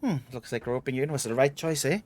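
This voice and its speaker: A man's voice: medium pitch, fast talker, a little mellow, close to an everyday voice. A man reading the lines of a teasing, vain aging female treasure hunter aloud while streaming a game.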